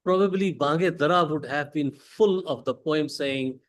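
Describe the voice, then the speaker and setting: A man with a Pakistani English accent giving a prepared motivational speech at a club meeting, emphatic, with dramatic pauses and rhetorical questions. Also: a little high, low-quality recording. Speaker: club speaker. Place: meeting hall.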